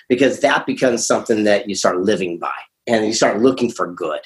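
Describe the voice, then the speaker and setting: A man's voice: on the low side, fairly quick, hardly any pauses. A man being interviewed with his son, talking in a casual chat and coaxing his son with prompting questions. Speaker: guest, father.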